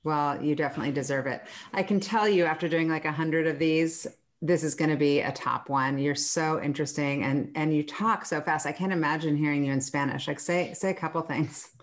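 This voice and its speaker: Woman podcast host, low voice, upbeat and effusive with guests. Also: fairly quick. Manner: upbeat, gushing interviewer. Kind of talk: casual interview chat.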